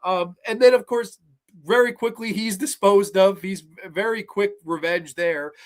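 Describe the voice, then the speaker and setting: A man hosting a horror movie show, retelling film scenes casually with lots of swearing and acted-out lines. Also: a little high. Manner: animated, profane, acts out scenes in voices. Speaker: horror podcast host.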